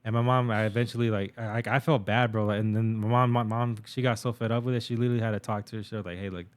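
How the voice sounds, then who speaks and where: A man's voice: fairly low pitch, flat delivery, very fast, clear, resonant tone. A young man co-hosting a podcast, telling stories in a rambling, profane casual chat with many fillers. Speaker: podcast co-host.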